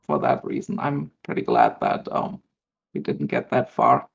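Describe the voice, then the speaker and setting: A woman speaks in a low, slow voice, pausing often and filling gaps as she thinks aloud. Her audio comes through a dull, lo-fi stream. The talk is a relaxed panel chat. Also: creaky. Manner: thoughtful, hesitant with many ums. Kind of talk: casual panel discussion.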